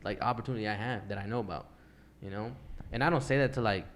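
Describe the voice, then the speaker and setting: A young man talks fast and earnestly in a low voice, circling his point and swearing as he goes. He speaks casually, as on a podcast. Faint noise sits behind him. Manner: earnest, rambling, swears freely. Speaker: podcast host. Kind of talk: casual chat.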